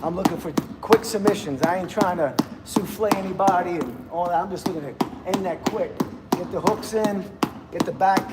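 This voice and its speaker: A man's voice: high-pitched, moderate pace, very noisy. A man in his fifties chatting casually on a livestream from a gym, rambling and laughing often as he greets viewers. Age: 50s.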